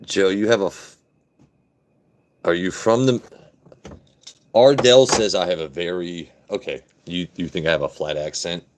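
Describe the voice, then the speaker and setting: A man from Southern Maryland hosting a casual livestream, talking to his chat and letting his voice drop deep and blunt. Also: fairly even intonation, a little slow, long pauses, darkish tone, slight background noise. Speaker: livestream host.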